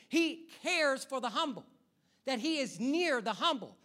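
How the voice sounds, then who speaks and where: A male pastor delivers a sermon in a bright, ringing voice. He drives each point home with rhythmic repetition and keeps turning to the congregation with rhetorical questions. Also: extremely high pitch, very animated, unhurried.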